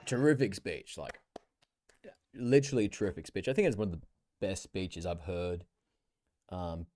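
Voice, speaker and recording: A young man chatting casually on a live stream, slangy and profane, with sudden excited bursts. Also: low-pitched, no room sound, studio quality. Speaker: livestreamer.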